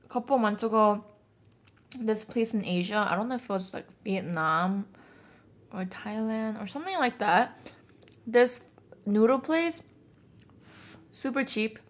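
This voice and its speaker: A woman's voice: on the high side, unhurried, long pauses. Chatty woman vlogger eating on camera. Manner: chatty storytelling with many fillers. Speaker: mukbang vlogger. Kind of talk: casual chat while eating.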